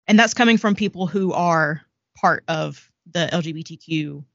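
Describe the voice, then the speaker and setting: A woman's voice: sits low, normal speed, gravelly, dry recording, lo-fi sound. A woman co-hosting a podcast, frankly chatting about books she has read. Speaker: podcast co-host. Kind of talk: casual book chat.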